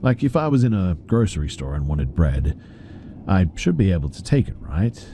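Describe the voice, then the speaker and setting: A man's voice: low voice, very animated, moderate pace, slight background noise, voice pushed up. A man putting on a creepy sing-song woman passenger. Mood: wheedling. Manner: sing-song, eerily soft.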